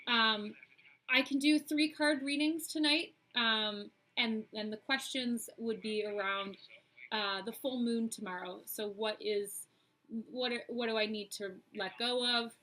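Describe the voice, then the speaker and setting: A woman with a bright, tense edge to her tone, sitting a little above the usual pitch, hosts a live-streamed oracle card reading. She chats directly to her viewers, loosely and with plenty of "um"s, as she explains each card. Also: normal speed, low-quality recording. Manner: chatty, speaks straight to viewers, frequent "um"s.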